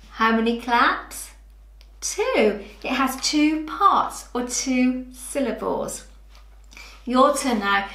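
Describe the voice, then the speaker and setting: A woman teaching young children, speaking slowly and clearly and drawing out rhyming words in a sing-song way. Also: high-pitched, pushed and bright, echoey room, slight background noise. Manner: slow, clear and exaggerated, stretching rhyming words. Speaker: preschool teacher.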